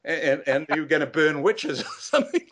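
A man voicing a young male trainee engineer in a retold story, speaking in an incredulous, animated way. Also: on the high side, brisk, voice pushed up.

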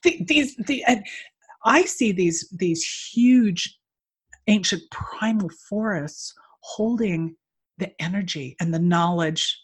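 An older woman telling stories in a casual conversation, animated and laughing often. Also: mid-range voice, slow pace, slightly rough.

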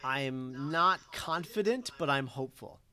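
A man's voice: mid-range voice, animated, unhurried, sharp tone. A man in casual conversation who explains his points at length in a lecturing way. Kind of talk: casual chat.

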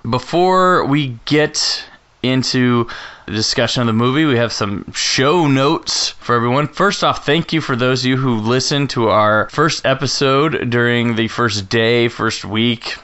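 A man's voice: medium pitch, a little slow, fairly bright tone, clean tone, highs cut off. A man hosting a casual podcast chat, guiding the talk in an organized, informative way. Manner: organized, informative, runs the show notes. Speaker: podcast host.

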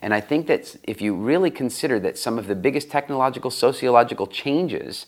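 A man's voice: medium pitch, lively intonation, fairly quick. A middle-aged man, a guest telling stories in an interview and often repeating words while he searches for the next thought. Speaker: guest, studio owner. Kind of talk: conversational interview storytelling.

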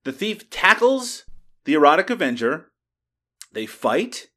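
Brief: male podcast host, slightly high voice with a swinging pitch, profane storytelling recap. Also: very animated, a little slow, bright, forceful tone. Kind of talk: casual film review chat.

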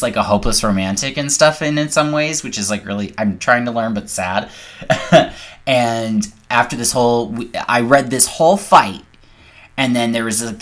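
A woman hosting a casual podcast, rambling through stories, swearing freely and often circling back with "anyway". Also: a bass voice. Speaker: podcast host. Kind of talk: casual chat.

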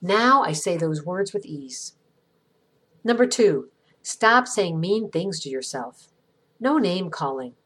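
A middle-aged woman hosts an inspirational podcast and reads a scripted reflection in a gentle, earnest way, with slow pauses. Her voice is husky and sits fairly low for a woman. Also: lively intonation. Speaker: podcast host.

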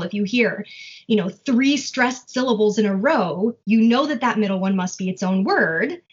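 A woman researcher in language learning explains her field in a relaxed conversation, reaching for examples as she thinks aloud. Her voice sits a bit high and carries some breathiness. The audio is dull and lo-fi, recorded at home. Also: husky.

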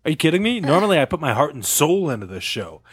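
Male podcast host, casual comedy chat, animated and quick to laugh, wide swings in pitch. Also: breathy edge.

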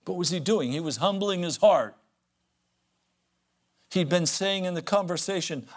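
A man preaching a revival sermon as pastor, swinging between loud fervent warnings and hushed pleading. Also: medium pitch, lively intonation, normal speed.

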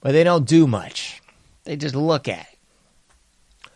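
A man's voice: a little high, sing-song, slow, long pauses, slightly rough, no room sound. Sarcastic man delivering a dry monologue. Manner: sarcastic, mocking mimicry of bystanders; varies loudness a lot, sometimes dropping to whispers. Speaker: political commentary host. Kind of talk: monologue commentary.

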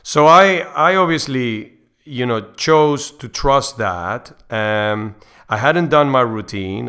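A middle-aged man hosts a personal faith podcast, his voice smooth and resonant at an ordinary pitch. He tells a story in an earnest, rambling way, often restarting his sentences. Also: expressive, slow pace, sharp tone. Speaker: podcast host.

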